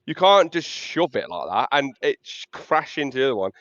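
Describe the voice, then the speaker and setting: A man's voice: medium pitch, very animated, brisk, fairly bright tone, dry recording. A man co-hosting a podcast who pushes his point hard, stacking up objections and swearing casually. His voice sits mid-range and sounds dull and lo-fi through a dry, close mic with no room around it. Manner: argues emphatically, swears casually. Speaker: podcast co-host. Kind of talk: casual chat.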